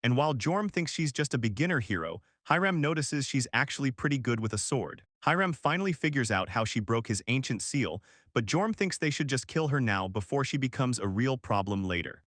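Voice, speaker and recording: A man narrating a comic story recap in a casual, slangy, brisk scripted style. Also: medium pitch, expressive, fairly bright tone, no echo, clean studio sound.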